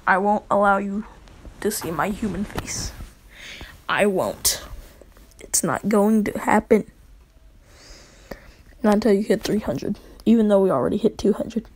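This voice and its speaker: A woman's voice: medium pitch, normal speed, long pauses, darkish tone, slight background noise, poor audio. A young woman casually narrating a fan story as channel host, giggly and rambling.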